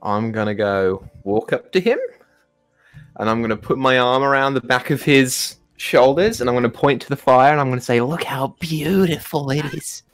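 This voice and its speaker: A young man playing a tabletop game, excitable and animated. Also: normal speed, smooth, faint music behind. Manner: excitable, jumps into high squeaky character voice. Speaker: player.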